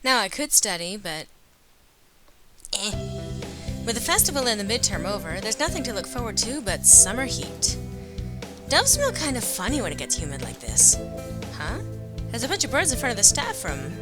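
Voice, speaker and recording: A woman's voice: mid-range voice, normal speed, long pauses. Wry woman reading a game aloud. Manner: wry, deadpan asides. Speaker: let's player. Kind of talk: reading a visual novel aloud with asides. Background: game music.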